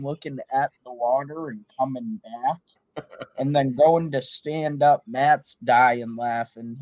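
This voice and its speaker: Slow-talking Boston man, dry lo-fi sound. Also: mid-range voice, slight background noise. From Massachusetts. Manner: slow-talking, storytelling with laughs. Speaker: podcast co-host, kayak angler. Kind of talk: casual chat.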